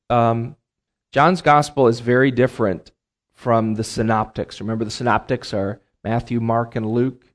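A middle-aged man teaching a Bible class in a lecture, who explains terms plainly and repeats his key phrases, with many ums and uhs. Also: mid-range voice.

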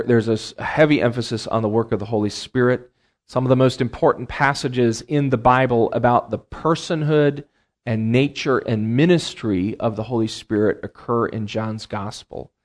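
Middle-aged male Bible teacher, mid-pitched, lecturing a class with ums and uhs and repeated key points. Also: fairly even intonation, moderate pace. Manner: explains terms plainly, repeats key phrases, many ums and uhs.

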